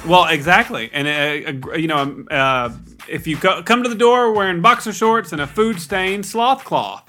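A man co-hosting a comedy podcast, setting up jokes deadpan and laughing often. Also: high-pitched, normal speed, faint music behind. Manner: joking, giggly, deadpan setups. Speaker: podcast co-host. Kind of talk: comedic banter.

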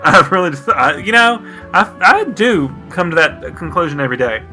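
A man co-hosting a comedic podcast, playful and teasing, quick to laugh. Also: a little high, sing-song, bright, forceful tone, faint music behind. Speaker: podcast co-host.

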